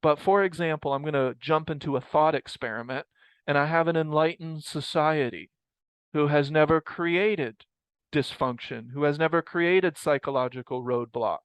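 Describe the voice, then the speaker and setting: A man's voice: fairly high pitch, normal speed, clear, resonant tone, no echo, dull audio. A man leading a group study session on a mindfulness practice, talking in a rambling, reflective way and often correcting himself. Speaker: mindfulness teacher. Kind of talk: casual group teaching talk.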